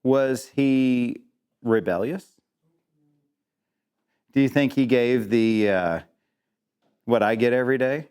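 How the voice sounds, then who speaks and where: A man's voice: medium pitch, slow pace, long pauses, a little mellow, clear, resonant tone. A man teaching an interactive Bible lesson, quizzing the class with questions and dropping in joking asides.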